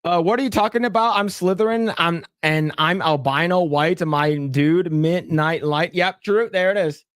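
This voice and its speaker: A man's voice: fairly high pitch, normal speed, a bit bright, smooth, no room sound, studio quality. A man co-hosting a casual podcast, reading comments aloud, joking and stumbling over restarts. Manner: jokey, lots of stammered restarts, breaks into mock voices. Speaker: podcast co-host.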